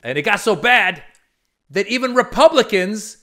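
A man with a slightly high voice hosts comic political commentary. He talks in an animated, sarcastic way, his pitch jumping up for jokes and emphasis. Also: moderate pace. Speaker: comedian commentary host.

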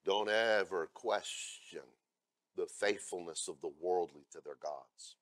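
A male pastor delivering a sermon, moving between loud scripture readings and blunt asides to the congregation. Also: sits low, slow pace, dry recording. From America. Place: church.

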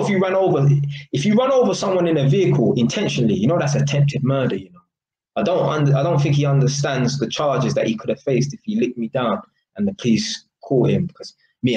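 In a medium-pitched, slightly mellow voice, a young adult London vlogger rants casually at the camera using heated street slang and repeated "innit"s. He's from England, and the echoey room carries faint ambience plus a little hiss or hum.

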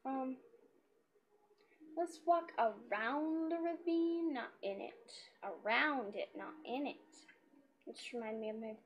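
A woman giving casual, hesitant let's-play commentary in a quiet voice, with lots of ums. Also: high-pitched, slow, lo-fi sound, a little hiss or hum. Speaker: gamer.

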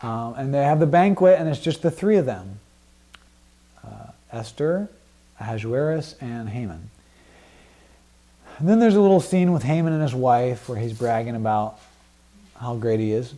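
A man's voice: mid-range voice, dark tone. A man teaching a Bible study group in a casual, conversational way, with many fillers and frequent questions to the class.

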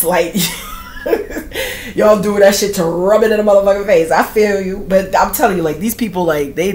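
A woman giving a casual, profane astrology reading to her viewers, full of slang and frequent laughter. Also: on the low side. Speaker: tarot reader.

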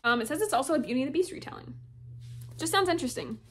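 A young woman with a slightly high voice talks through her latest book haul. She chats casually and gushes with excitement over her favorite editions, stopping now and then to read blurbs aloud. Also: very fast, a little hiss or hum. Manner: gushing, chatty, reads blurbs aloud. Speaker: booktuber.

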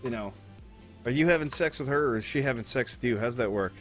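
A man's voice: medium pitch, quick pace, fairly bright tone, faint music behind. Crude rambling young man streaming a game. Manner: crude, rambling, swears a lot. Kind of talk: casual gaming chat.

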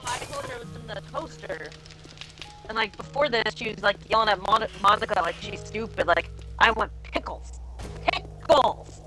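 Chatty young woman, bright tone. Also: medium pitch, fairly quick, soft background music, poor audio. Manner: chatty storytelling, lots of fillers. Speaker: streamer. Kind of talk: casual chat while gaming.

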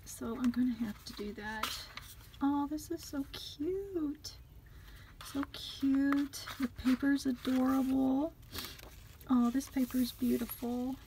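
Woman, high pitch, slow and unhurried, gushing, soft near-whispered asides, faint background noise. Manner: gushing, delighted exclamations. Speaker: craft vlogger unboxing a gift swap. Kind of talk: casual unboxing chat.

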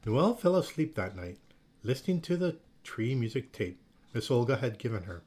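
A man reading a children's picture book aloud in a slow, expressive storytelling manner. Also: medium pitch, husky. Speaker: storybook reader.

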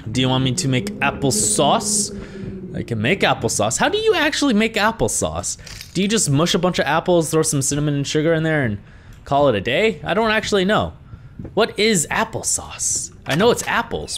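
A young man giving jokey, animated commentary while playing a horror video game, often swearing as he reacts. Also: fairly high pitch, slight background noise. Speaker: gaming YouTuber. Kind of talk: let's play commentary.

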